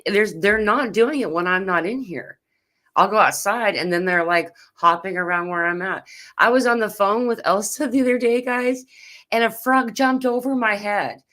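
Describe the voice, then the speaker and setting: A woman's voice: on the high side, moderate pace, a bit bright. A woman hosting a casual chat, telling anecdotes in a friendly, agreeable way and laughing often. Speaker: host.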